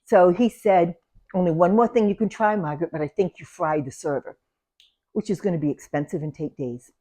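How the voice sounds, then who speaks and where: Older New woman, salon owner, casual storytelling, animated and chatty; she laughs as she talks. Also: on the low side, a little fast. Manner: animated, laughs through anecdotes, loud when acting out yelling.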